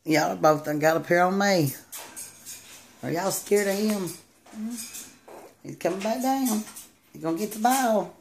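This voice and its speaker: A woman's voice: mid-range voice, a little slow, creaky, long pauses. A woman talking playfully to her dogs and bird at home, coaxing and laughing. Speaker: pet owner. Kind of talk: casual talk to pets. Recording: loud household noise and barking.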